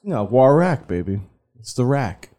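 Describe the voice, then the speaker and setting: A man's voice: mid-range voice, very animated, unhurried, dark tone. A man co-hosting a sports podcast, talking casually and loosely, swearing often and laughing. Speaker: podcast co-host.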